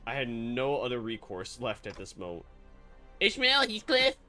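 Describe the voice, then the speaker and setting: A man's voice: medium pitch, a little fast, faint music behind. A man streaming a video game, reading the story narration aloud and reacting with sarcastic jokes and frequent laughter. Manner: animated, joking, sarcastic, laughs often. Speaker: VTuber streamer. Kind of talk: let's-play commentary and reading narration aloud.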